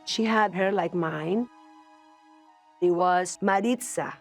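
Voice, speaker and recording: A woman's voice: on the low side, slow pace, creaky. A woman earnestly recounting a personal ghost story to the camera, searching for words and repeating phrases as she goes. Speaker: celebrity guest telling a ghost story. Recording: voice over music score.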